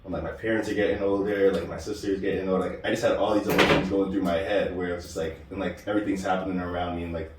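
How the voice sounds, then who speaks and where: A man in his thirties co-hosting a podcast, telling animated stories in casual chat and laughing often. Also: deep voice, quick pace, hardly any pauses, heavy reverb, far from the mic, noisy background. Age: 30s. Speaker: podcast co-host.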